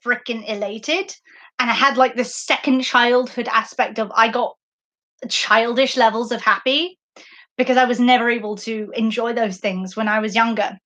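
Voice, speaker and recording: A woman's voice: on the high side, steady tone, normal speed, fairly bright tone. A young woman hosting a podcast live stream, chatting casually and enthusiastically in a rambling way, full of fillers, on a basic microphone. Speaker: podcast host. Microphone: basic makeshift microphone.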